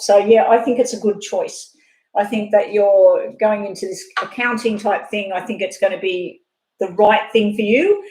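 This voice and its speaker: A woman doing a live tarot reading, talking fast and rambling off on side chats. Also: mid-range voice, darkish tone. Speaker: tarot reader. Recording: echoey room.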